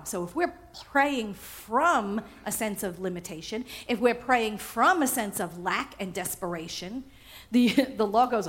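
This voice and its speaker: A woman minister preaching a sermon, animated and often laughing, repeating phrases for emphasis. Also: medium pitch, unhurried. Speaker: spiritual minister.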